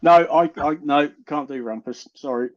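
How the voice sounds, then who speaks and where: A man's voice: on the high side, moderate pace. Rambling man on a muffled call. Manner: rambling, self-interrupting, blunt. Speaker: show host. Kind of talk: casual group chat on a live stream.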